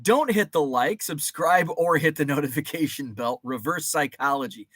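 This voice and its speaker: A man's voice: a little high, lively intonation, normal speed, fairly bright tone, breathy edge, no echo, clean studio sound. A man hosting a casual livestream, rambling between topics and reading viewer comments aloud. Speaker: host.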